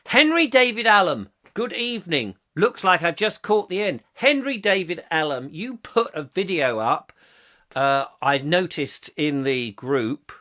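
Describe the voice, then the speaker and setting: Brief: middle-aged male host, animated swooping delivery, bright forceful tone, rambling and playful. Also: sits high. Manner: playful, rambling, quick to slip into silly voices. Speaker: chat show host. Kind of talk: live comic chat show, reading viewer comments.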